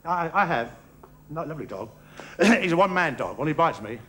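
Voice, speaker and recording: A man doing a stand-up comedy routine on a theatre stage, with a bumbling, halting delivery and a giggling laugh. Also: a little high, big pitch swings. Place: theatre stage before a live audience. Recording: archive stage recording with loud audience laughter and hiss. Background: audience laughter.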